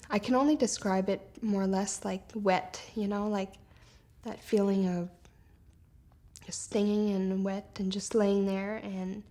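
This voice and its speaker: Creaky-voiced woman recalling trauma. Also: medium pitch, warm tone. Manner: halting, full of fillers. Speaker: attack survivor. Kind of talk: personal testimony in an interview.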